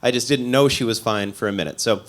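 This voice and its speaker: A stand-up comedian from the American Midwest, a man with an ordinary middle-pitched voice, tells a long story at a quick pace. His storytelling is loose and conversational, mocking himself as he goes and tossing in dry asides.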